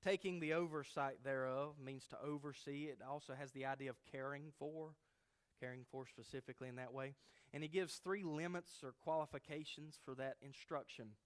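A man's voice: mid-range voice, fairly even intonation, moderate pace, clear, resonant tone. A man preaching a verse-by-verse sermon who teaches emphatically and often checks in with his listeners by asking "okay?". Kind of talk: expository sermon.

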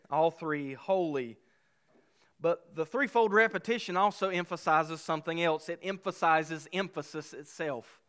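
Man, pastor, sermon, smooth resonant voice, slightly high pitch, emphatic, slows for weight. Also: sharp tone.

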